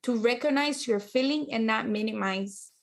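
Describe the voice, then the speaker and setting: A woman's voice: fairly high pitch, normal speed. A woman co-hosting a podcast, chatting casually and telling stories about her daughter, acting out the lines. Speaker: podcast co-host. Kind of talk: casual chat.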